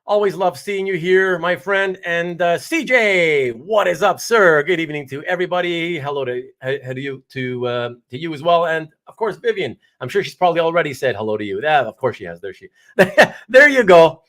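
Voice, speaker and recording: A man's voice: fairly high pitch, lively intonation, normal speed, fairly bright tone. A man hosting a casual live stream who chats with viewers, reads their names aloud and laughs often. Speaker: host of a live comic art stream.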